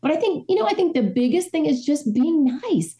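A woman's voice: high voice, a little fast. A middle-aged woman from the Midwest, a ghostwriter telling stories in an interview and acting out the lines of the people in them. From American Midwest. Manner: animated storyteller, acts out quoted dialogue. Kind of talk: conversational interview.

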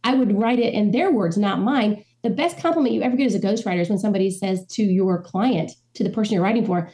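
A woman's voice: medium pitch, fast talker, few pauses. A middle-aged woman from the Midwest, a ghostwriter telling stories in an interview and acting out the lines of the people in them. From American Midwest. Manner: animated storyteller, acts out quoted dialogue. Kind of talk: conversational interview.

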